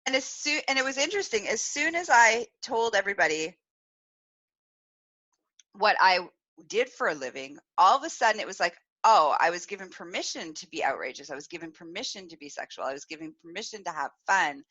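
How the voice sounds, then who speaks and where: A woman's voice: lowish voice, a little fast, highs cut off. A woman hosting a live podcast, telling a story with lots of laughter and acted-out quoted voices. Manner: animated, laughs often, acts out quoted voices. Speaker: podcast host. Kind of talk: live-streamed storytelling chat.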